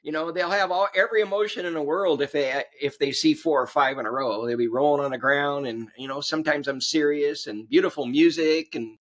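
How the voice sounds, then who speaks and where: A podcast guest in a casual chat tells jokes and anecdotes, chuckling along and acting out voices in his stories. His voice is on the high side and fairly bright, and he talks briskly with few pauses.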